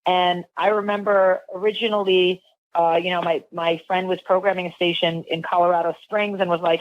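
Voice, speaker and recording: A woman's voice: lowish voice, level tone, brisk, dry recording. Rambling woman telling stories, dry and dull. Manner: rambling, lots of fillers and restarts. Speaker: radio host and guest. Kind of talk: casual interview storytelling.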